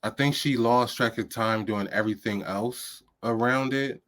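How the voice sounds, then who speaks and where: A man's voice: medium pitch, unhurried, a bit bright. A young man co-hosting a podcast, chatting casually about a cooking show in a laid-back, slangy way and laughing often. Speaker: podcast co-host.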